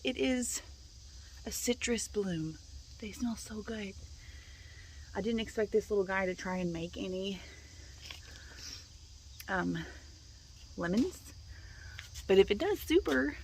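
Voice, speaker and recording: A woman's voice: medium pitch, lively intonation, takes it slowly, long pauses, slight background noise. A young woman, chatting casually to her camera as she walks around her yard and garden. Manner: chatty, self-talking, uses y'all and like. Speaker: vlogger. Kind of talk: casual vlog chat.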